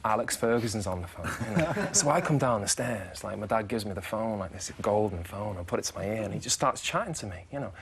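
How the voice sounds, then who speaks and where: Guy in his thirties, quick-talking, on a talk-show sofa, lively storyteller. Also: on the low side, crowd noise. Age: 30s. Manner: lively storyteller, chuckles as he talks. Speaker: actor guest. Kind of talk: casual talk-show interview.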